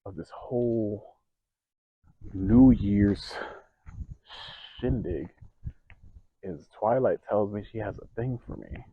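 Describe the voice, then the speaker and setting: A young man telling stories from his life in a casual vlog, animated, laughing and growing loud when excited. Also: low-pitched, no room sound, highs cut off. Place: outdoors.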